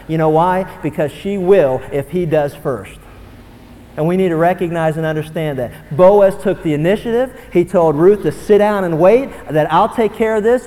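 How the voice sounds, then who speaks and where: Animated young male preacher in a reverberant hall. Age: young adult. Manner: animated, swings between low asides and shouted excitement. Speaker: pastor. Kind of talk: sermon.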